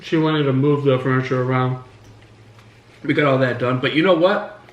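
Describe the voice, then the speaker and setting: Hosting a laid-back conversation in his living room while he eats, this man has a mid-range voice, a steady tone and a moderate pace. His storytelling wanders and leans heavily on fillers. The audio is dull, the room echoes, and faint music plays.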